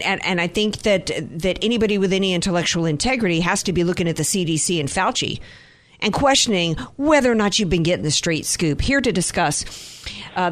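A woman from the American South hosting a radio talk show, brisk, chatty and opinionated. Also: fairly low pitch. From North Carolina and New Orleans area.

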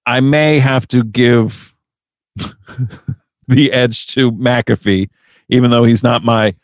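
A man's voice: mid-range voice, steady tone, slow, no echo. A man co-hosting a podcast, riffing with sarcasm and plenty of swearing. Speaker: podcast co-host. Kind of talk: casual chat.

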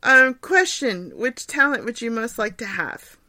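Her voice sits a little high, with lively intonation, a slightly slow pace, and a sharp edge, and there's no echo. She's in her forties, hosting a casual solo podcast from home, chatty and self-deprecating, often laughing as she fields questions.

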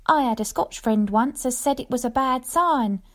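Storybook: woman doing a fussing, excitable young wife, raised pitch. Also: normal speed, lightly acted. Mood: fretful. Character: lion tamer's fond, fretful young wife.

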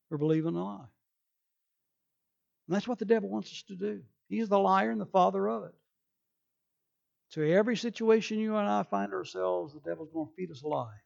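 A man's voice: fairly high pitch, gravelly, a little mellow, muffled recording. A male pastor preaching a sermon emphatically, acting out people's excuses in quoted voices.

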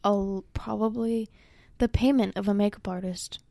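A woman's voice: mid-range voice, steady tone, moderate pace, creaky, warm tone, no room sound, clean studio sound. A woman co-hosting a podcast in casual chat, teasing and playful with her co-host.

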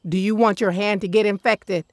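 A woman's voice: medium pitch, steady tone, fairly quick, a little mellow, no room sound, natural voice. Woman playing a suspicious reclusive woman, audio drama, curt, commanding, dry put-downs, dry close recording.

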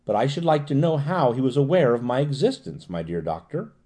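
A man's voice: medium pitch, very animated, brisk, warm tone, lightly acted. A man reading the part of a genteel woman patient who breaks into terrified screams, in an audiobook. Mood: cold. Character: genteel middle-aged woman patient, panicky.

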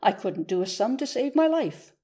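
A woman's voice: a little high, animated, moderate pace, dark tone, breathy edge, pitched above the performer's own voice. A woman reading aloud, voicing a flustered young university man who protests indignantly. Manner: blustering, indignant.

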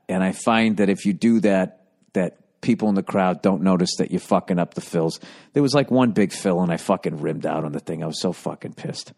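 A man's voice: lowish voice, darkish tone. A middle-aged man hosting a casual, profanity-heavy monologue, ranting and self-deprecating. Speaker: comedian and podcast host.

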